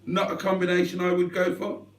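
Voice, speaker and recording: A man hosting a livestream, telling a rambling comic monologue in a deadpan, mock-serious way with long digressions. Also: high voice, brisk. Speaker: livestream host. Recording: echoey room, mic at a distance.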